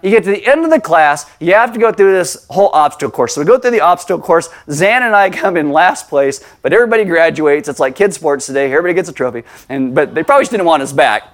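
A man preaching a sermon as pastor, telling stories with animated, acted-out voices. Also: fairly high pitch, quick pace, hardly any pauses.

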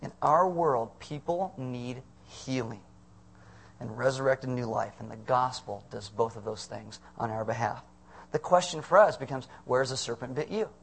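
A man's voice: mid-range voice, unhurried, gravelly, slightly rough. A middle-aged man preaching a conversational sermon as pastor, asking the congregation questions.

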